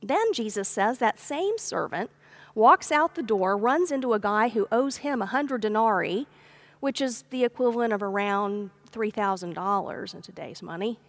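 A woman's voice: medium pitch, lively intonation, normal speed. A woman pastor giving a sermon, telling a parable in a conversational, folksy way. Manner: storytelling, acts out the characters' pleas with a raised voice. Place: church sanctuary.

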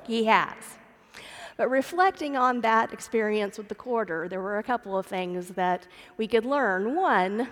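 A woman's voice: mid-range voice, expressive, unhurried, fairly bright tone. A middle-aged woman pastor giving a sermon, telling a family story and calling her congregation "friends". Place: church sanctuary. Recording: long church reverb.

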